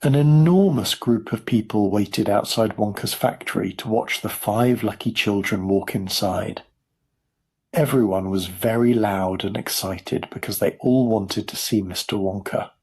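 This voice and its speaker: A man narrating a children's story for English learners in a clear, measured storytelling voice. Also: lowish voice, a little mellow. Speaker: audiobook narrator.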